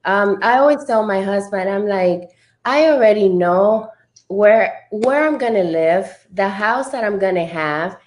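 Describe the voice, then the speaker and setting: A woman talking as a guest in a motivational chat, laughing often and filling pauses with restarts. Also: mid-range voice, darkish tone. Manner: slow, laughing, many fillers and restarts. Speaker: guest speaker.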